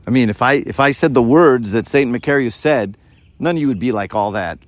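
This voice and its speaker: A man giving a sermon to a live audience, lively and full of rhetorical questions. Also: medium pitch, a little fast, no room sound. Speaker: preacher.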